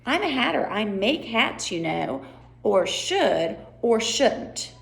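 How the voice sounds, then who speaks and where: A woman's voice: on the high side, very animated, slow, creaky, fairly bright tone, full character voice. A woman doing a silly rambling hatter. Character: silly, rambling male hat-maker.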